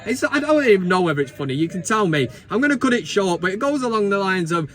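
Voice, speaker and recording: A man's voice: high-pitched, very animated, fast, hardly any pauses, a bit bright. A man in his thirties hosting a football vlog, giving blunt, sweary and mocking commentary in a casual chat.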